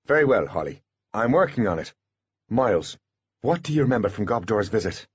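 A man voicing a cool, formal teenage boy mastermind who speaks calmly and in measured phrases. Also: on the low side, husky, no echo, lo-fi sound, heavily acted.

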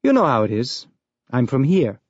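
A man's voice: medium pitch, wildly swooping pitch, normal speed, darkish tone, no echo. A man voicing a jovial, tall male police inspector on a space station, speaking in blunt, sardonic cop banter. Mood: wry. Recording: dull lo-fi dry recording.

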